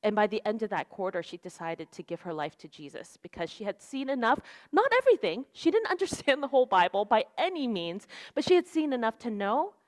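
A woman's voice: fairly high pitch, big pitch swings, a little fast, hardly any pauses. A young woman preaching a sermon in an earnest, conversational way, with lots of "like" and "right?". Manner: casual, earnest, fillers like "like" and "right?".

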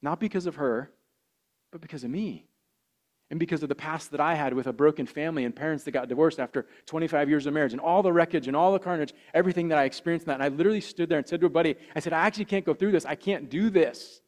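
A man, a pastor preaching a sermon with earnest repetition that swells louder on key phrases. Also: on the high side, racing. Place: church.

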